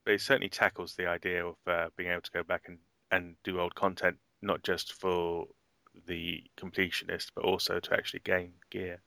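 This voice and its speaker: A man co-hosting a casual gaming podcast, chatty and quick when recalling things. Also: deep voice, level tone, creaky, pushed and bright, dry recording. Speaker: podcast co-host.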